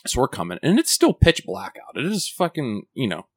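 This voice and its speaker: On a casual podcast, a man with a medium-pitched voice talks a little fast as he tells a rambling, profane story. He's animated and laughs along the way, stuffing his speech with fillers like "like" and "right?".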